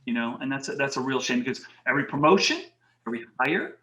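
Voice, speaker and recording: Animated middle-aged man in a roomy space. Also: medium pitch, quick pace, dull audio. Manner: animated, acts out quoted dialogue, many "you know" fillers. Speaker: HR and talent advisor, interview guest. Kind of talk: casual interview storytelling. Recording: roomy echo.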